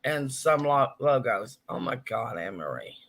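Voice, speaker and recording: A man's voice: mid-range voice, very animated, measured pace, fairly bright tone, slight background noise. A man hosting a casual live stream, chatting and reading viewers' comments aloud.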